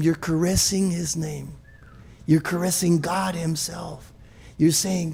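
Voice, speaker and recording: High-voiced preaching man in a hall. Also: slow, vocal fry, breathy edge. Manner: animated preaching with many restarts and repeated "Amen?". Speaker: pastor. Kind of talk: sermon. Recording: echoey hall with long reverb.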